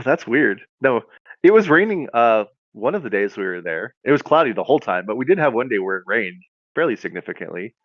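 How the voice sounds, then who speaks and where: A man co-hosting a casual podcast, animated and easily amused, sometimes trailing off. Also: lowish voice, dry recording, highs cut off. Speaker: podcast co-host. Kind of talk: casual chat.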